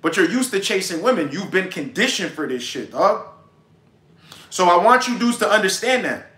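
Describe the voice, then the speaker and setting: A man's voice: high voice, sing-song, normal speed, pushed and bright, reverberant. A young man giving brash, profane dating advice in a casual livestream monologue.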